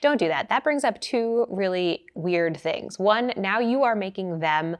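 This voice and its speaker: A young woman giving casual money advice to camera, chatty and lively as she acts out quoted lines. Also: medium pitch, a little slow. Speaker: personal finance educator.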